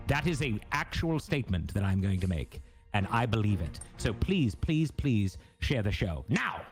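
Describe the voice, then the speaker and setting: A grandiose, pompous alien lord presides over the evening, as a man puts him on. His voice leaps and plunges wildly in pitch, all flourish and theatre. Music plays beneath him. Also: big pitch swings, normal speed. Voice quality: theatrical, pompous, swooping delivery. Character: flamboyant Illithid lord hosting, male, grandiose. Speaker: show host in character.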